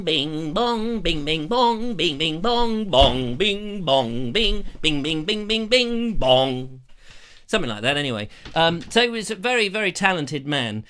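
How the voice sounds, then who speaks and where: English male host, middle-aged, bright and lively storyteller, live-stream vlogger. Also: fairly high pitch. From England. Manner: animated, mimics bell sounds and voices. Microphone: lavalier.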